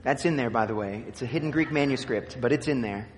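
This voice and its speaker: A man's voice: mid-range voice, fast, big-room sound, slight background noise. A man preaching a sermon, teaching with emphatic repetition and dry asides. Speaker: pastor.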